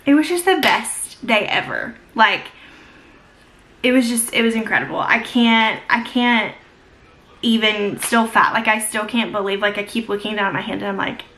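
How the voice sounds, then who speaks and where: A woman's voice: medium pitch, normal speed, sharp tone. A young woman chatting casually while she does her makeup, gushing and filling her talk with many "like"s. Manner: gushing, filler-heavy, many "like"s. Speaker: beauty vlogger. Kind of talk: casual get-ready-with-me chat.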